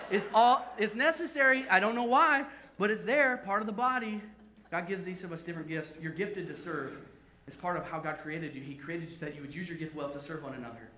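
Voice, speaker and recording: Bright, high-voiced man preaching with humor. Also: slight background noise. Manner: playful, joking with the congregation. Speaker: pastor. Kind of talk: sermon. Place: church sanctuary. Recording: echoey church sanctuary.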